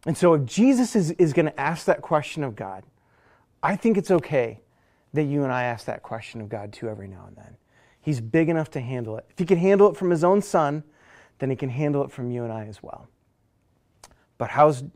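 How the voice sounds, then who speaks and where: Male pastor, middle-aged, slightly high voice; casual sermon delivery that swings between quiet and loud. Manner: conversational preacher, dynamic swings from hushed to loud.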